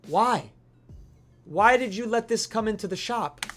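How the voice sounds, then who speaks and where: Male stream host, sharp bright tone, animated mock-outraged rants. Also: high-pitched, normal speed, soft background music. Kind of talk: live-stream gaming commentary.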